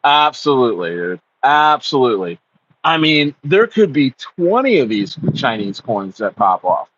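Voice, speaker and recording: A man's voice: medium pitch, big pitch swings, a little slow, a bit bright, no room sound. Rambling man with a dull lo-fi sound. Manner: rambling, stammering restarts, acts out voices in quotes. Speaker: crypto livestream host. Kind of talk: casual livestream chat reading comments.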